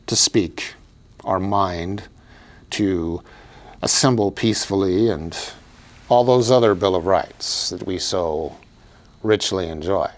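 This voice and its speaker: Man, political candidate, commentary monologue, emphatic, repetitive, lowish pitch. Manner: emphatic, repetitive, preachy delivery.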